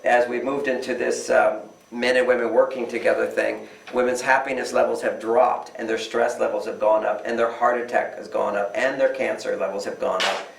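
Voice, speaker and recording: A man's voice: mid-range voice, flat delivery, moderate pace, vocal fry, hardly any pauses. An older man, a relationship author answering interview questions with emphatic delivery who often acts out quoted voices. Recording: echoey room, distant mic.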